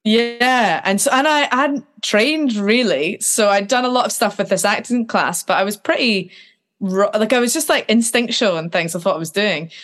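A woman's voice: mid-range voice, moderate pace. A woman in her twenties telling stories from her life in a casual interview, acting out what people said. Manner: animated, acts out quotes. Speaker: guest. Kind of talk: casual storytelling.

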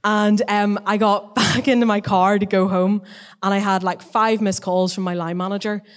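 A young adult woman giving a casual spoken testimony as a guest, a lively storyteller who talks at length. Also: medium pitch, moderate pace.

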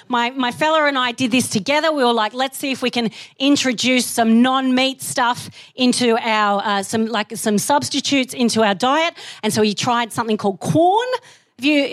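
A woman performing stand-up comedy on a theatre stage before a live audience, animated, self-mocking and swearing freely. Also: high-pitched. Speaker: comedian and co-host.

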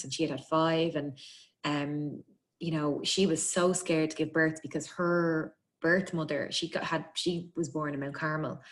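A woman with an Irish accent, telling a personal story in a quick, chatty way, laughing often and acting out bits of dialogue. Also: low-pitched. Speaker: guest telling her birth story. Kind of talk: casual storytelling.

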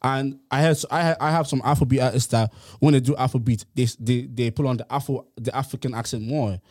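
A man's voice: medium pitch, fairly even intonation, quick pace, a little mellow. A man from Ireland arguing insistently in a casual podcast debate, often talking over the others.

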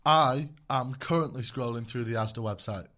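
A man hosting a casual podcast chat in a jokey, deadpan way. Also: medium pitch, normal speed. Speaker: podcast host.

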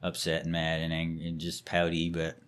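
A man's voice: sits low, completely flat delivery, moderate pace, a bit bright, clean tone. A young man co-hosting a parenting podcast, talking casually and rambling as he mimics his toddler's replies. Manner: rambling, acts out toddler voices. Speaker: podcast co-host. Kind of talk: casual chat.

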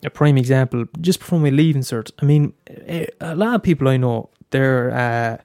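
A man's voice: medium pitch, normal speed, a little mellow, no echo, studio quality. Irish young man, candid and sweary. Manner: candid, swears a lot, stammering restarts. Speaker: podcast host. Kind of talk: casual solo podcast talk.

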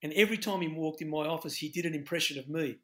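A middle-aged Australian man, a former rugby head coach, talking in a halting, reflective way on a podcast. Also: on the high side, fairly bright tone. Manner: halting, many restarts, reflective. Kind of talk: podcast discussion.

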